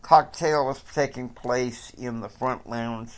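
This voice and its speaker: Man, storyteller, slow delivery, rambling, halting, many fillers, improvised story. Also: medium pitch, steady tone.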